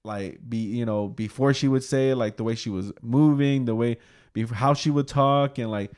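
A man's voice: mid-range voice, steady tone, normal speed, darkish tone. A young man co-hosts a family podcast in a mid-range voice. He rambles through his points and leans on filler words. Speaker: podcast co-host. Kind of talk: casual podcast chat.

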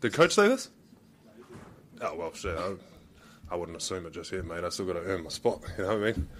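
Deep-voiced laid-back New Zealand man. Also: big pitch swings, a little fast, fairly bright tone. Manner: laid-back, swears, calls people mate. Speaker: basketball player. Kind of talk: press conference answers.

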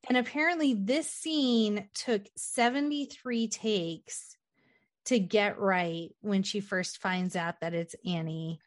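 A woman's voice: mid-range voice, slow, no echo. A woman casually recapping a film, acting out the characters' lines and swearing freely. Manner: animated storyteller, acts out quotes, swears freely.

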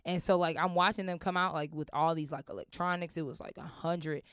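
A woman comedian spins a story with lots of energy, swearing freely as she goes. Her voice comes through smooth and clear, and the studio room sounds dry. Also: low voice, brisk, dry recording. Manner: animated, acts out voices in quotes, swears freely. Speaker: comedian guest. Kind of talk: comic storytelling in an interview. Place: recording studio.

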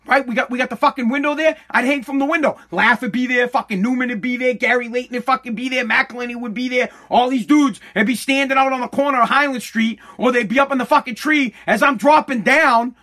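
A man's voice: extremely high pitch, fast, hardly any pauses. A middle-aged man telling a casual story and ranting, swearing constantly and cutting himself off mid-sentence. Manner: swears constantly, animated, self-interrupting. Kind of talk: casual profane storytelling rant.

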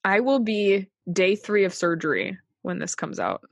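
A woman's voice: medium pitch, sing-song, moderate pace, no echo. A woman co-hosting a podcast in casual, jokey chat, swearing freely. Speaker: podcast co-host.

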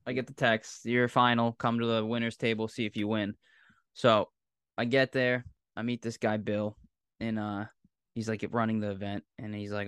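A man's voice: fairly low pitch, fairly even intonation, fairly quick, smooth, no echo, clean studio sound. A man in his thirties with a Massachusetts accent, telling a long, rambling, profane story in casual podcast chat. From Massachusetts, South Shore. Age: 30s. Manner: rambling, profane, laughs often. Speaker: podcast co-host.

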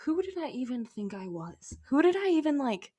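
A woman's voice: sits high, normal speed, husky. A young woman and mother, co-hosting a podcast and telling stories in casual chat, acting out quotes as she goes. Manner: animated storytelling with laughs and acted-out quotes. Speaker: podcast co-host, photographer.

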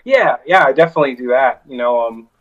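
A man's voice: medium pitch, animated, fast talker. Man on dull lo-fi remote audio. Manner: loose, rambling storyteller. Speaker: wrestler guest. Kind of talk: casual interview chat.

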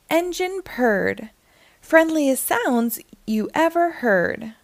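In a slightly high voice, a woman slowly reads aloud from a children's picture book, giving it an expressive, sing-song storytelling lilt. The recording has no echo.

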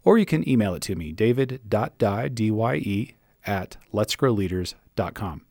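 A man's voice: fairly low pitch, expressive, moderate pace, dark tone, no room sound, clean studio sound. A man hosting a podcast, answering listener questions on leadership with an encouraging, reassuring manner. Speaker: podcast host and leadership coach.

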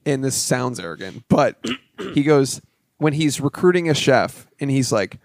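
A man's voice: mid-range voice, lively intonation, normal speed, a little mellow, no room sound, studio quality. A man co-hosting a casual movie podcast, rambling and swearing, often acting out what he heard. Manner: rambling, acts out quotes, swears. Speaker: podcast co-host. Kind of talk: casual chat.

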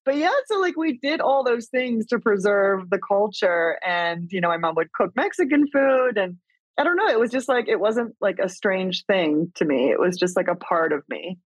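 A woman's voice: mid-range voice, animated, moderate pace, no echo. A woman from Canada, a podcast guest whose first language is Spanish, chatting casually and animatedly and laughing often. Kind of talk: casual interview chat.

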